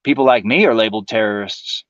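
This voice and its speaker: A man's voice: fairly low pitch, quick pace, a bit bright, no room sound. Profane ranting man on a lo-fi stream. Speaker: livestream host. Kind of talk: casual political monologue.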